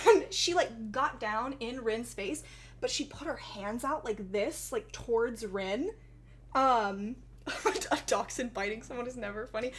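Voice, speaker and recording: A woman's voice: a little high, a little slow, a little hiss or hum. A young woman chatting casually with viewers on a livestream, giggly and often laughing as she talks.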